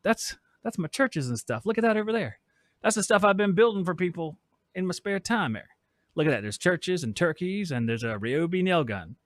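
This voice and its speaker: This forties-aged podcast host jokes through a casual workshop live stream and reads chat messages out loud. His high-pitched voice is animated, at a moderate pace. He swaps mics midway, and there's no room sound.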